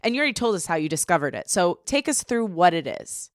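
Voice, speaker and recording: A woman's voice: on the low side, very animated, fast talker, no echo, studio quality. A woman podcast host chatting with her guest in an enthusiastic, upbeat way. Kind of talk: casual interview chat.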